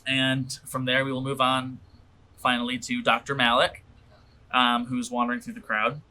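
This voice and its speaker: A man runs a tabletop game and narrates the scene in a relaxed way. He uses plenty of fillers. His voice is bright and forward. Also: medium pitch, moderate pace. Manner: casual, loose narration full of fillers. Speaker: game master.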